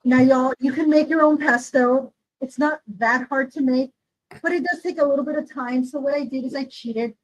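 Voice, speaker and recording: A woman's voice: sits high, fairly even intonation, normal speed, dull audio, a little hiss or hum. A woman co-hosting a podcast in casual chat, rambling with many fillers. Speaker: podcast co-host.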